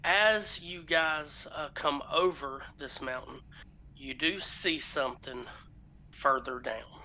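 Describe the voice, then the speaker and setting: A man, narrating a tabletop game as game master, slow and halting with many fillers. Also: on the high side, bright, forceful tone, slight background noise.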